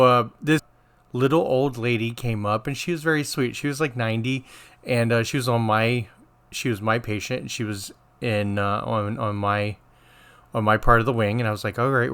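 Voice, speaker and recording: A man's voice: medium pitch, clear, resonant tone. Man telling a rambling nurse story. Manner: rambling, restarts, animated quoting of others. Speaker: podcast co-host, former nurse. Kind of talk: casual storytelling chat.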